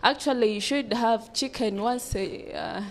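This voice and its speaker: A woman's voice: a little high, measured pace. A woman with a Ugandan English accent speaking casually on a panel and often murmuring agreement. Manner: chatty, frequent agreeing murmurs.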